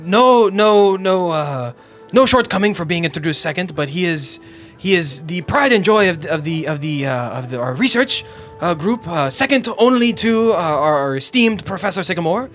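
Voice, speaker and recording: A man's voice: sits high, expressive, normal speed, few pauses, fairly bright tone, faint music behind, voice pushed up. A man voicing a nervous, bumbling male regent who stammers and apologizes as he fumbles with his papers. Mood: nervously formal.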